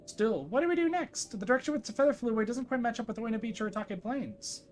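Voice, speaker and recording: A streamer voicing a tiny, excitable female companion who talks about herself in the third person, in a high, chirpy voice over faint game music. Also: quick pace, slight background noise, close to an everyday voice. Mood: chatty. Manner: refers to self in third person.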